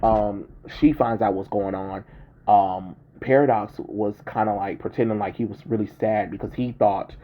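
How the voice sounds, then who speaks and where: A man's voice: fairly low pitch, steady tone, moderate pace, slight background noise. A young man casually recapping a film's plot, rambling with many ums and restarts. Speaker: movie reviewer. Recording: dull lo-fi recording.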